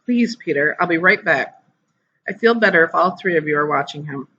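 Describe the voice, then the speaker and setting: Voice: mid-range voice, expressive, fairly quick, pushed and bright, muffled recording, slight background noise. A reader voicing a fussing anxious mother. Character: worried mother of two young boys.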